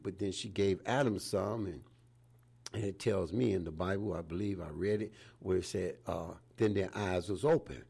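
Old guy in his 70s preaching, gravelly husky voice, keeps saying praise the lord. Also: deep voice, warm tone. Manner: folksy, repeats "praise the Lord" between phrases. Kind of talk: informal sermon.

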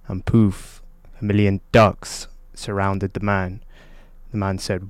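Low, flat-voiced man hosting a show. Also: takes it slowly, clean tone, dry recording. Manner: hesitant, full of ums and uhs. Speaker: radio-style show host. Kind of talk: casual joke telling.

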